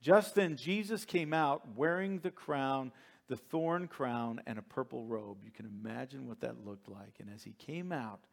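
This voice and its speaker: A man preaching a sermon as pastor, reading scripture dramatically and moving between hushed and emphatic delivery. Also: mid-range voice, measured pace, vocal fry.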